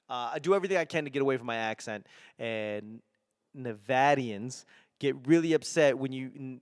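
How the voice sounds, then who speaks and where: A man in his forties from the Boston area with a softened Boston accent, rambling and self-mocking on his own podcast. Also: medium pitch, normal speed, no echo, studio quality. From Boston area, New England. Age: 40s. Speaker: podcast host and stand-up comedian. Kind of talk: solo casual podcast rambling.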